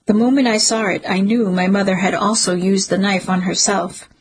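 A woman narrating a dark first-person story in a grave, measured audiobook reading. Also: mid-range voice, fairly even intonation, background noise.

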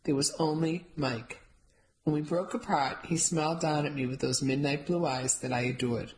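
A reader narrating a first-person novel in an even storytelling manner. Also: mid-range voice, moderate pace, low-quality recording. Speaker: audiobook narrator.

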